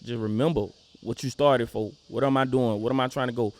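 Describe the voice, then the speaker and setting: A man's voice: medium pitch, fairly even intonation, fairly quick, a little mellow, no echo. A young man with a Southern US accent, a rapper talking casually as an interview guest, laid-back and full of "you know what I'm saying".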